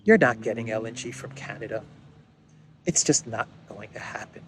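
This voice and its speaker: A man doing a mocking impression of a sheepish, apologetic middle-aged male head of government who pleads softly. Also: lowish voice, moderate pace, a little hiss or hum, voice pushed down, lightly acted.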